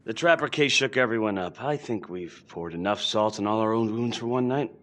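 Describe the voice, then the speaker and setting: An actor voicing a weary police sergeant in a game who tries to smooth things over. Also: male voice, on the low side, lively intonation, a bit bright. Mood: placating. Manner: placating, brisk.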